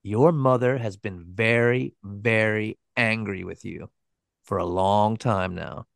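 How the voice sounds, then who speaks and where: A man's voice: fairly low pitch, slow, creaky, fairly bright tone, no room sound, clean studio sound, heavily acted. A man doing a cruel, taunting killer. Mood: cold, taunting. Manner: mocking, cruel, commanding. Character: sadistic taunting male killer, adult.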